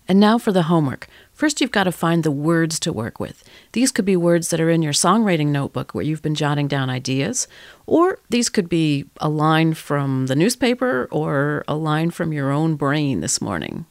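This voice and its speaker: An encouraging woman teaching a songwriting lesson, her voice sitting on the low side. She talks people through ideas in an easy, relaxed way and now and then sings short demonstration lines. The sound is close and dry, with no room around it. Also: normal speed, no echo. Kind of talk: instructional lesson with sung examples.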